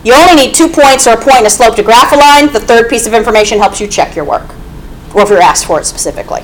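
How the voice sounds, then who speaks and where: A woman's voice: a little high, animated, quick pace, a little hiss or hum, rough recording. Woman teaching math to a class. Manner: explanatory, repeats "okay?" to check understanding. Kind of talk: classroom lecture.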